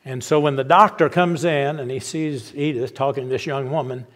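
A man preaches from the pulpit, acting out a story with slow, emphatic words and a mid-range voice. He then drops into a quieter, steady prayer tone. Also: medium pitch. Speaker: pastor.

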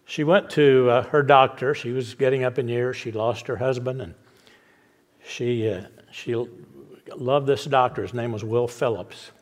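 A man's voice: mid-range voice, unhurried. A man pastor telling a story in a sermon and then leading a prayer, stretching out words for emphasis.

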